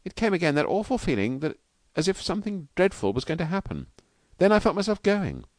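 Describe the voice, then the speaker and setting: A man reading aloud, voicing a tender young wife with a soft, breathless voice. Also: high-pitched, big pitch swings, brisk, dry recording, voice pushed up. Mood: dreamy.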